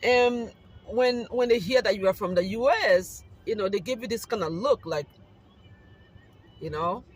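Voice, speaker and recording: A Liberian man with a high, slightly rough voice and a Liberian accent mixed with American rambles earnestly to his YouTube viewers at a measured pace, using lots of "you know." He's vlogging casually while driving on a windy, sunny summer day, and the audio is poor.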